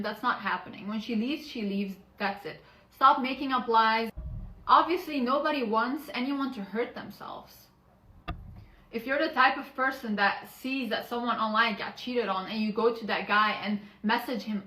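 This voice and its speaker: A woman's voice: a little high, sharp tone, echoey room, poor audio. A woman defending her sister in a personal statement video, insistent and defensive.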